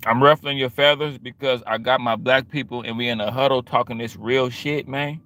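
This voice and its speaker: A man's voice: medium pitch, steady tone, brisk, fairly bright tone. A man hosting a livestream, talking back to his chat in a confrontational, repetitive and slangy way. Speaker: livestream host.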